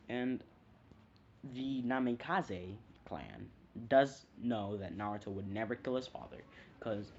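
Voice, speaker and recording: A man rambles through a fan story in a casual, unscripted way, pausing to fix his own mistakes. His voice sits at an ordinary middle pitch. The home recording sounds dull and lo-fi. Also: darkish tone, a little hiss or hum. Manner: rambling, hesitant, often corrects himself.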